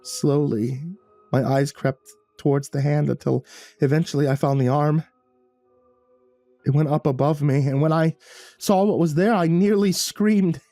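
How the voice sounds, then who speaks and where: A man's voice: fairly high pitch, steady tone, unhurried, long pauses, mellow, no room sound, faint music behind. A man narrating a first-person horror story in a tense, breathless way, stumbling over words now and then.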